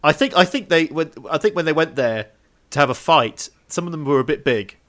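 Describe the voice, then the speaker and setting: An easygoing co-host with a slightly raised pitch who sums up a film's plot and reacts to his partner with quick laughs. The talk stays loose and conversational. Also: animated, a bit bright. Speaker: podcast co-host. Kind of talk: casual film chat.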